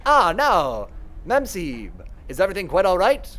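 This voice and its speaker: A man's voice: high voice, huge pitch swings, moderate pace, a bit bright, exaggerated voice. A man voicing an old retired army major who speaks with stiff, formal, old-fashioned courtesy. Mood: courtly.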